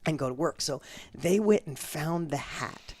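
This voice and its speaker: A man telling stories as an interview guest, animated and full of tangents. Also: on the high side, a little slow, no room sound. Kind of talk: storytelling in a casual interview.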